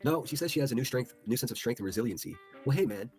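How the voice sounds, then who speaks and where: A man's voice: medium pitch, expressive, rapid-fire, a little mellow, soft background music. A man hosting a livestream, reading posts aloud with incredulous, profane commentary. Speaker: livestream host.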